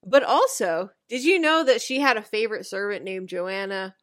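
A woman's voice: medium pitch, moderate pace, fairly bright tone. A woman in her thirties co-hosting a casual recap chat, steering the talk with dry asides. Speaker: podcast co-host.

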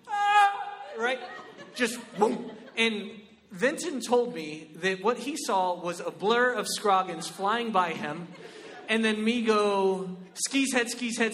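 High-voiced animated male comedian. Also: in a large hall. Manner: animated, exclamatory, frequent rhetorical "right?". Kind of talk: stand-up storytelling.

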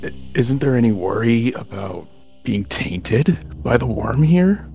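A man's voice: medium pitch, big pitch swings, slow pace, vocal fry, darkish tone, faint music behind. A man playing his character in a tabletop role-playing game, speaking hesitantly with fillers. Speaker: player.

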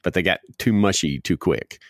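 A man's voice: sits low, normal speed, dry recording, clean studio sound. A man hosting a casual podcast, easygoing as he leads the discussion. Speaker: podcast host.

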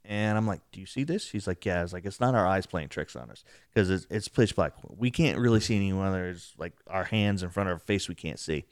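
A man casually telling an excited story about a paranormal investigation, acting out what was said. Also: a little fast, few pauses, dry recording, clean studio sound. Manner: excitable, acts out quotes, rising pitch when telling.

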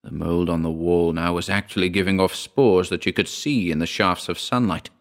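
A man reading a horror short story aloud in a measured, grave storytelling manner. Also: sits low, steady tone. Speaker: narrator. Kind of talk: scripted horror narration.

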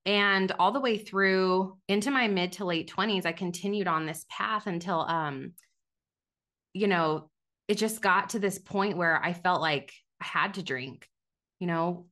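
A woman's voice: on the low side, unhurried, fairly bright tone. A woman in her thirties telling her own story as a podcast guest, candid and conversational, with many fillers and restarts. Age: 30s. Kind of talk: personal testimony.

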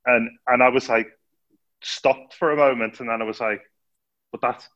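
A man's voice: medium pitch, steady tone, moderate pace, a bit bright, muffled recording. A male host on a video call, affirming his guest and reflecting thoughtfully in a casual interview.

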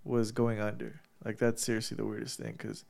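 Gravelly-voiced man telling a story. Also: fairly low pitch, monotone, fairly quick, a little mellow. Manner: profane, storytelling, laughs often. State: congested nose after surgery. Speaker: podcast co-host. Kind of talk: casual chat.

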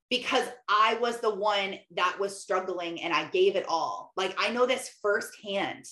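A woman's voice: mid-range voice, fairly bright tone, echoey room, rough recording. A young woman talking casually about her faith, chatty, with many "like"s. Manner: chatty, lots of "like", laughs often. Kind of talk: casual faith vlog monologue.

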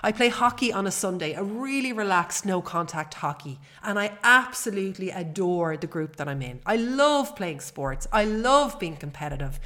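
A woman's voice: mid-range voice, expressive, normal speed, hardly any pauses, sharp tone. A woman, hosting a personal podcast in an earnest, chatty way with fillers. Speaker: podcast host.

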